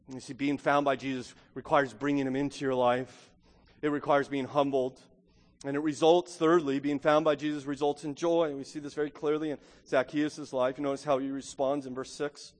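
A man preaching a sermon as pastor, earnest, swinging from loud emphasis to a hush. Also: fairly high pitch, moderate pace. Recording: long reverb of a large hall.

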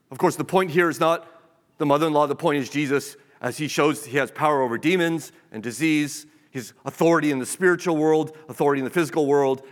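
A man's voice: mid-range voice, fairly bright tone. A man preaching a sermon as pastor, earnest, often repeating words and acting out small quoted scenes. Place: church sanctuary. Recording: long hall reverb.

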